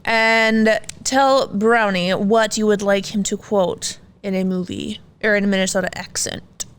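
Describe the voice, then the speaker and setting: A woman's voice: mid-range voice, fairly even intonation, measured pace, clear, resonant tone. A woman co-hosting a podcast, teasing her co-hosts and giggling in casual live-stream chat. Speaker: podcast co-host.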